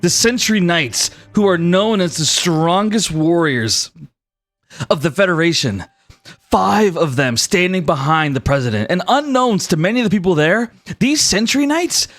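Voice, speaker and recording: A man's voice: a little high, a bit bright, dry recording. A man narrating as game master on a livestream, rambling and correcting himself as he goes.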